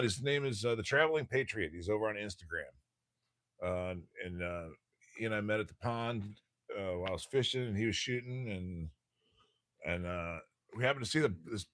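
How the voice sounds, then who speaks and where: A man's voice: sits low, sharp tone, dry recording. A man hosting a casual live stream, chatting loosely to viewers with lots of fillers and restarts. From USA. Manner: rambling, frequent fillers and restarts. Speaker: livestream host.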